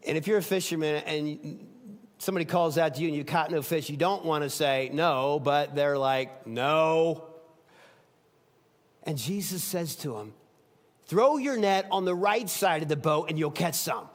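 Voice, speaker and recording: A man preaching a sermon as pastor, retelling stories with swings between loud emphatic lines and soft hushed ones. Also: a little high, measured pace, in a large hall.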